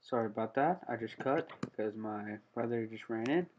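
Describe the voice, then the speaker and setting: Playing through a game on his channel, this young host talks at normal speed in a lowish, slightly mellow voice. The recording cuts off the highs and has a little hiss or hum, and he is a bit breathless, letting out startled "oh"s and humming "da da da" as he focuses.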